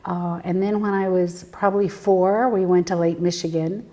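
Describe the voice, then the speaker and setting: A woman with a lowish, mellow voice tells her life story as an interview guest. She speaks earnestly and haltingly, with many fillers and restarts, and her voice sometimes drops to an almost whispered hush. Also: steady tone. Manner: earnest and reflective, dropping to a near whisper at intense moments. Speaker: guest, spiritual medium.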